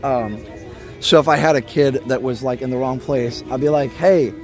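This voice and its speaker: A man's voice: medium pitch, steady tone, moderate pace, faint music behind. A man hosting a casual live stream from a theme park at night, chatting and reading out viewer comments.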